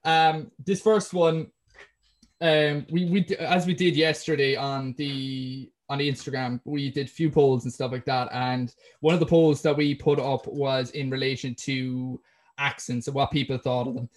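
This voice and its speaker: An Irish man with a mid-pitched voice hosts a relaxed interview. He rambles a bit, with plenty of ums and restarts, as he works through listener questions. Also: moderate pace. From Ireland. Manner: rambling, many fillers and restarts. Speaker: podcast host. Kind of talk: casual interview chat.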